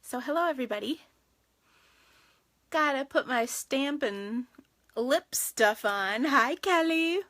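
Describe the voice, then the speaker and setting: A woman chats casually to her livestream viewers from her craft room at home. Her voice is bright and forward, with sing-song greetings. She talks loosely, full of fillers and restarts. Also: a little high, expressive, takes it slowly, pauses often.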